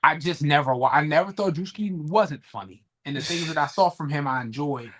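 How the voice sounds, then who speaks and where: A man's voice: fairly high pitch, brisk, fairly bright tone. A man with a Washington DC area accent chatting on a podcast, blunt and profane, often mimicking people in his stories. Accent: DMV (Washington DC area). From DC metro area. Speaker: podcast co-host. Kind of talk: casual chat.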